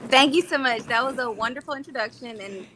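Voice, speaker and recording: A woman guest, a Reiki and sound therapy practitioner, speaking gently and sweetly in a casual interview, warmly encouraging. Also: on the high side, fast, slight background noise.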